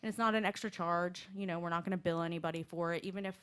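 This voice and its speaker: A woman with a fairly low voice talks as a radio show guest. She is chatty, with lots of ums and restarts. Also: fairly even intonation, rapid-fire, clean tone. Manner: chatty, many fillers and restarts. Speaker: outreach guest. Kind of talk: casual radio talk. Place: radio studio.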